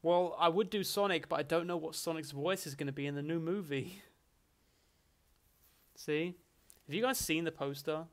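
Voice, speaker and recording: Male streamer, animated casual banter, slightly raised pitch. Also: normal speed. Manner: animated, chatty, jokey banter with chat. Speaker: streamer hosting a Q&A. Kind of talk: casual live-stream chat.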